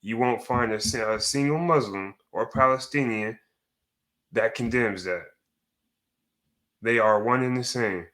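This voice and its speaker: Guy ranting mad at the camera, swearing a lot, stumbling over his words, normal mid pitch. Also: measured pace, pauses often, fairly bright tone. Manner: heated, cursing, repetitive restarts. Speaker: commentator. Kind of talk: angry profane reaction rant.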